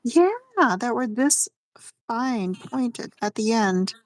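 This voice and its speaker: A woman co-hosting a casual livestream with her sister, joking easily and quick to agree. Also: on the high side, a little mellow, a little hiss or hum. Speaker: co-host and sister. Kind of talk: casual live chat.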